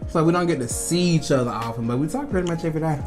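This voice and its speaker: A man's voice: on the high side, racing, music in the background. A young man in his twenties, hosting a casual mukbang food vlog in a laid-back, chatty way and laughing easily.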